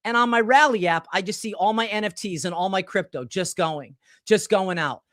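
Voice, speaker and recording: A man in his forties hosting a casual podcast chat, telling animated, rambling stories full of restarts. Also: sits high, moderate pace, no echo, studio quality. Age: 40s. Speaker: podcast host.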